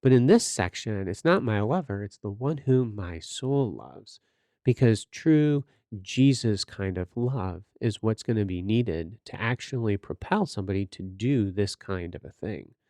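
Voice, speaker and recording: A man's voice: fairly low pitch, lively intonation, normal speed, few pauses, mellow, dry recording, studio quality. A man hosting a podcast, giving earnest, sermon-like Bible teaching with rhetorical questions and direct exhortation. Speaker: podcast host teaching scripture.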